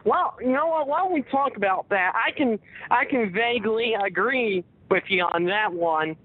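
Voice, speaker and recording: A man calling in to a live podcast, chatting casually in a slow, halting way with many pauses. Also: sits high, expressive, slightly rough, no room sound. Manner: slow and halting, lots of filler. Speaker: caller. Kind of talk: casual chat over a call line. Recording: tinny dry phone line.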